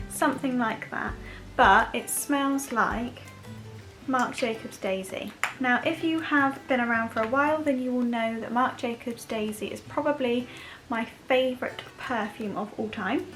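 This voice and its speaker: A young woman chatting to camera about her favourite products, rambling with quick self-deprecating asides. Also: fairly high pitch, a bit bright. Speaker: beauty vlogger. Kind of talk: casual chat to camera.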